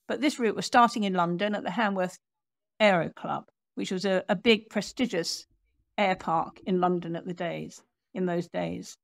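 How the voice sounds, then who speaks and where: A woman's voice: medium pitch, creaky, no echo. Woman telling an aviation story in a dry close recording. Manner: animated storyteller, acts out quotes. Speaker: author guest. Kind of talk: storytelling in an interview.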